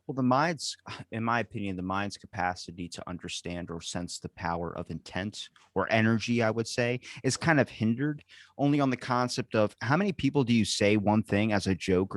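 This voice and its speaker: Opinionated man host with low voice. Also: dry recording. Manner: opinionated, rambling with restarts. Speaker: podcast host. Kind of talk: casual interview talk.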